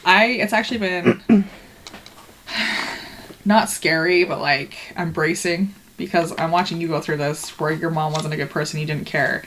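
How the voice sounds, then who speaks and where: A woman's voice: deep voice, fairly even intonation, moderate pace, a bit bright, slight background noise, rough recording. A woman talking candidly on a casual podcast, blunt and swearing freely. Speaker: podcast guest.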